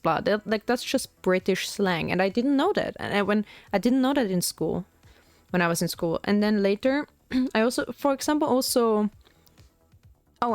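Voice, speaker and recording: A young woman talks casually on a painting stream, wandering from thought to thought and leaning on "like" as a filler. Her voice sits in a middle pitch and sounds dry and close. Soft music plays faintly in the background. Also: no room sound. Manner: rambling and chatty, heavy on "like" fillers. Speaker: VTuber streamer. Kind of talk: casual chat while painting miniatures.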